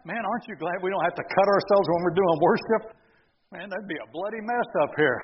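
A male pastor preaching a sermon, retelling the story with lively, sarcastic asides to the congregation. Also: high-pitched, fairly quick, long reverb tail, highs cut off, crowd noise. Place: church sanctuary.

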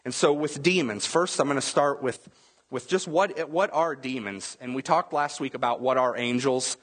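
A man's voice: mid-range voice, normal speed, fairly bright tone, breathy edge. Man preaching a conversational sermon. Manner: conversational preaching with frequent rhetorical questions. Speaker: pastor.

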